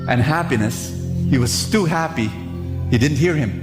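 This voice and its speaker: A man's voice: medium pitch, lively intonation, normal speed. A man preaching a sermon at mass, telling a parable with frequent restarts. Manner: storytelling, repetitive restarts. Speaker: priest. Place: large church. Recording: echoey basilica, loud music.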